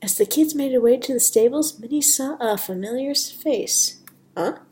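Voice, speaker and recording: A woman casually reading fan fiction aloud, giggling and adding joking asides, at times softly to stay quiet. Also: high voice, moderate pace.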